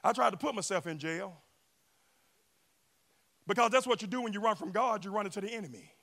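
A man preaching in a church, shouting and chanting his lines and calling for the congregation to answer back. His voice sits very high and has a gravelly edge. The tone is piercingly bright. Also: brisk. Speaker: pastor. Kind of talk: sermon. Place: church sanctuary.

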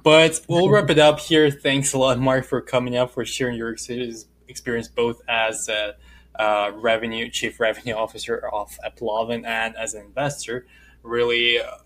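A man's voice: medium pitch, level tone, normal speed, a bit bright. Russian-accented male podcast host. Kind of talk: casual interview talk.

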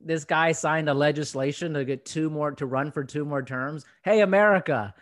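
A man's voice: fairly high pitch, little pitch movement, normal speed, a bit bright. A man chatting casually on a podcast, reacting and laughing often. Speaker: podcast co-host. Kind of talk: casual chat.

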